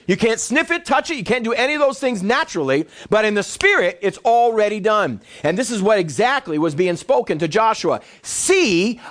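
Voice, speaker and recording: A male pastor preaching a sermon to his church congregation, acting out the voices of the people in his stories. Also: high-pitched. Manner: animated storytelling preacher, acts out voices.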